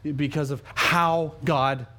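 A man from New Mexico, a pastor, preaching a sermon with animated, humorous storytelling and self-deprecating asides. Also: fairly high pitch, slow. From New Mexico, USA.

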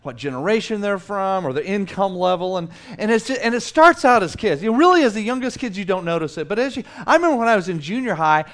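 A man in his forties from South Texas, preaching a sermon in an animated, conversational way with self-mocking humor. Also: high voice, fast talker, hardly any pauses. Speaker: pastor.

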